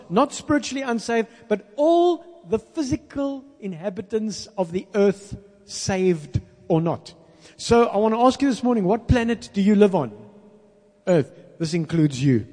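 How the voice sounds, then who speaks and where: A man preaching a sermon, stressing words slowly and calling on the congregation to repeat after him. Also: high-pitched, darkish tone. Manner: call-and-response with congregation; emphatic, slows down to stress words. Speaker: pastor. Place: church hall. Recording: long reverb in a large hall.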